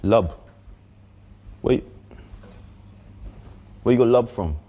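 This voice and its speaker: A man's voice: mid-range voice, sing-song, normal speed. A man in studio comedy chat who sounds puzzled and keeps asking questions. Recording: loud music playing under the voice.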